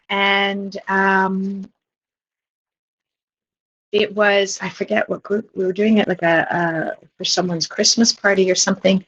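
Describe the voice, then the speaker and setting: Woman, improv comic guest, husky tone, lo-fi sound, animated anecdotes with put-on quotes. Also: mid-range voice. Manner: animated storytelling, jumping into quoted voices. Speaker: guest, improv comedian and theatre teacher. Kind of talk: casual podcast chat.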